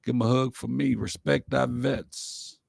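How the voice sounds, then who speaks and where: A man's voice: mid-range voice, steady tone, a little slow, gravelly, breathy edge, no room sound, clean studio sound. A man hosting an inspirational show, speaking from the heart in folksy phrasing and repeating his key lines. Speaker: host of an inspirational livestream show. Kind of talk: heartfelt motivational talk.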